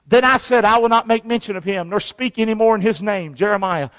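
A man's voice: high-pitched, fast, hardly any pauses, a bit bright, in a large hall. A man, a pastor preaching a sermon with call-and-response to his congregation. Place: church sanctuary.

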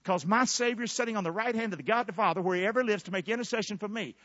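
A man preaching a sermon, calling on his congregation to answer back and bursting out loudly before drawing words out for emphasis. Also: sits high, no echo, lo-fi sound. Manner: preaching with sudden loud bursts and drawn-out emphasis. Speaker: pastor. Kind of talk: fiery sermon with call-and-response.

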